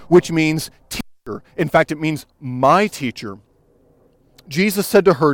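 A man's voice: a little high, lively intonation, a little slow, dry recording. A man preaching a sermon in an earnest, pastoral way, building to fervent emphasis as he quotes. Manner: earnest, rising to fervent emphasis when quoting.

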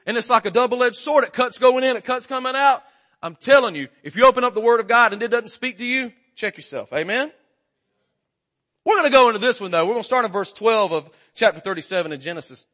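Pastor, male, 40s: high, forceful voice, chatty and jokey, keeps checking in with the crowd. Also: lively intonation, fast. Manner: conversational, joking, quizzes the congregation. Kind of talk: sermon.

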